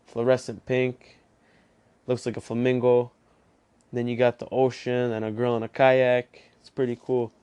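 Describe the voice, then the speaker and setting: A young man hosts a casual book review podcast in a chatty, plainspoken way that circles back on itself. His voice is smooth and clear at an average pitch, and he keeps a flat, even delivery. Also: normal speed.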